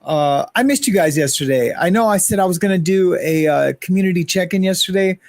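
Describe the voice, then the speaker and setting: Guy rambling on a livestream, kinda higher voice, reads out chat names, dry close sound. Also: fairly quick, a little mellow, no echo. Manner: rambling, greets chat viewers by name. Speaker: livestream host.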